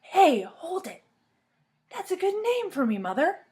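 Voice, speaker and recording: A woman voicing an excitable, mischievous little girl playing a clown, shrieking and squealing. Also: sits high, normal speed, pitched above the performer's own voice. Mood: excited.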